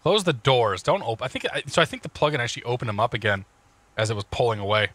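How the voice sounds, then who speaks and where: A man's voice: medium pitch, fast, a bit bright, no room sound. A man casually talking through cockpit checklists on a live stream, joking and greeting chat viewers as he goes. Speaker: flight sim streamer.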